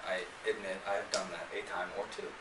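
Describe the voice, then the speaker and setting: A man's voice: sits low, flat delivery, quick pace, sharp tone, a little hiss or hum. A man presenting a sales seminar who gets fired up and keeps quizzing his live audience. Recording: echoey room, mic at a distance.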